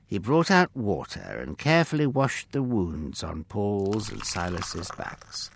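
Slow, gravelly male storyteller. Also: on the low side, slight background noise. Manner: expressive, addresses the listener directly. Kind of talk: scripted narration of a children's Bible story. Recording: dry close mic with faint music.

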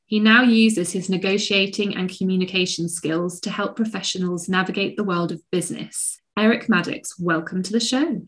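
A woman's voice: medium pitch, steady tone, moderate pace, hardly any pauses. A woman hosting a radio interview show, with a mid-range voice. She reads a polished, scripted introduction and then asks her guest curious questions.

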